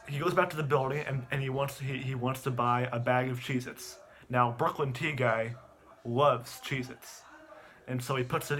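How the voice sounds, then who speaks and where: A man's voice: mid-range voice, fairly bright tone. Man rambling through a story recap. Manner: rambling, with frequent restarts. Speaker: video host. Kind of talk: casual rambling plot recap.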